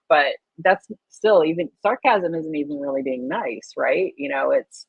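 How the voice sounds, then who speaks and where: A woman's voice: low voice, normal speed, creaky, few pauses, breathy edge, dry recording. A woman co-hosting a spiritual livestream in casual chat, talking with many fillers and frequent laughs over a video call. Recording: dry, phone-like sound.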